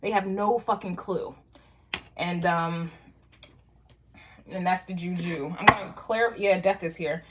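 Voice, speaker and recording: A woman's voice: fairly low pitch, steady tone, measured pace, pauses often, heavy background noise. A woman giving a casual tarot reading to viewers, talking in loose streetwise slang with frequent swearing and rambling restarts. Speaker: tarot reader.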